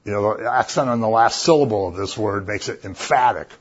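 Husky man preaching casually. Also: on the low side, brisk, highs cut off. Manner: conversational, animated storytelling with asides. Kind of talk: casual sermon.

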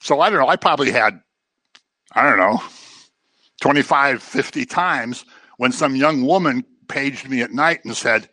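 Man, middle-aged, Bible study teacher, chatty, repeats himself for emphasis, bright voice, dry close sound. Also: a little slow, no room sound. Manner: conversational, repeats phrases for emphasis; acts out quoted voices in a low mocking tone.

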